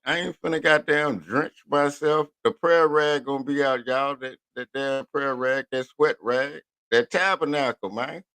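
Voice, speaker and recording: A man's voice: mid-range voice, noisy background. A man from Houston, hosting a radio show in a profane, rambling monologue rant. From Houston, Texas. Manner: profane, animated, rambling with drawn-out words.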